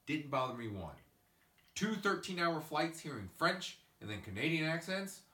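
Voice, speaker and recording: A man hosting a casual podcast, swearing freely and ranting through animated stories. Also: fairly high pitch, normal speed, far from the mic. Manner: ranting, profane, animated storytelling. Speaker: podcast host. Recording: echoey room, away from the mic.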